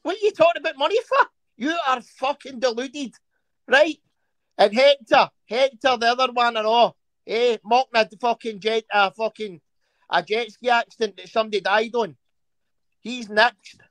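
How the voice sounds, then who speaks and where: A man's voice: very high voice, moderate pace, fairly bright tone, dry recording. A man in a heated online argument, insistently repeating his demands. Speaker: livestream debater.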